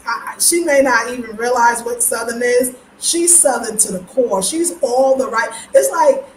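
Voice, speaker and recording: High-voiced effusive woman on a livestream. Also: a little hiss or hum. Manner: effusive, emotional, greets viewers by name; blunt, preachy about respect. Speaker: livestream host. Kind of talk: casual live-stream chat. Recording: roomy echo.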